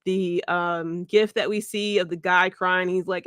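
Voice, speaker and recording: A woman hosting a podcast, recapping wrestling in a joking, animated way, laughing often and swearing freely. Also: medium pitch, moderate pace, few pauses, clean tone, no room sound, clean studio sound. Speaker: podcast host. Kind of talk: casual wrestling recap chat.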